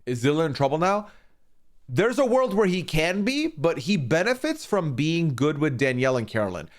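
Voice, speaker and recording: A man's voice: on the high side, normal speed. A man streaming a casual, opinionated recap of a reality show, swearing freely and acting out what people said. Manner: animated, swearing, acting out quoted lines.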